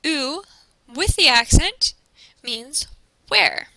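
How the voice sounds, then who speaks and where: A woman teacher giving a recorded classroom presentation, explaining slowly and carefully and modeling each pronunciation. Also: high voice, lively intonation, gravelly, sharp tone, no echo, poor audio.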